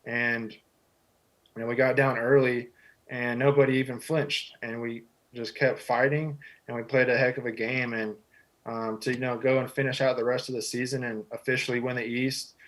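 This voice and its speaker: A man's voice: mid-range voice, flat delivery, normal speed, fairly bright tone, poor audio. Easygoing young man full of fillers. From Texas. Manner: easygoing, humble, heavy on "you know" fillers. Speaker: guest, football quarterback. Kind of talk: casual interview answers.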